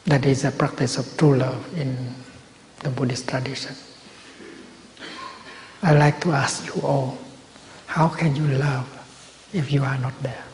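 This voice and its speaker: A man giving a Buddhist dharma talk at a retreat, speaking slowly and gently with measured pauses. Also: medium pitch, steady tone. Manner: slow, gentle, measured phrasing with long pauses. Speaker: Buddhist teacher. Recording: roomy hall with long reverb and faint noise.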